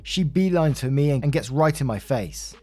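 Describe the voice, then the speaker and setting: A man's voice: medium pitch, expressive, normal speed, warm tone, husky. A man narrating a Reddit story in a conversational way, adding his own asides.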